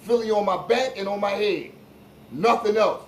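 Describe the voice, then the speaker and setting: A man from hosting a live-streamed sports talk show, ranting bluntly and with plenty of profanity, dropping low for asides and rising into shouts. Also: moderate pace, a little hiss or hum, rough recording. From Philadelphia.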